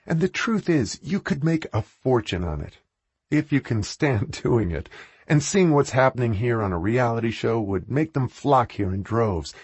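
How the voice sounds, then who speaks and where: Dude doing a shy earnest lady, husky, bouncy delivery. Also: medium pitch, darkish tone, no echo, pitched above the performer's own voice. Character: earnest woman pitching ideas, meek and shy.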